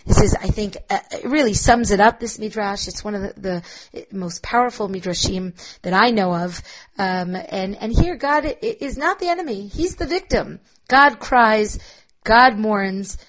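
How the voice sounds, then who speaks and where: A woman's voice: mid-range voice, expressive, normal speed, low-quality recording. A woman lecturing on rabbinic texts, reading Hebrew passages aloud and translating them line by line, thoughtful and full of restarts. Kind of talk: recorded lecture.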